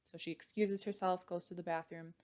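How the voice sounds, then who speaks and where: A woman's voice: on the low side, flat delivery, a little fast, a little mellow. A young woman casually retelling a true crime story, chatty and full of "like" and "you know".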